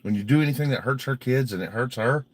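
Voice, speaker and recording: A man's voice: medium pitch, fast. Blunt, cussing man on a livestream. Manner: blunt, heavily profane, agitated. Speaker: livestream host reading viewer donations. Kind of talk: casual livestream chat.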